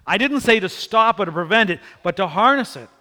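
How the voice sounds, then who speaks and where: A man preaching a sermon, telling the story in an animated way and acting out the people in it. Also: high-pitched, brisk, in a large hall. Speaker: pastor.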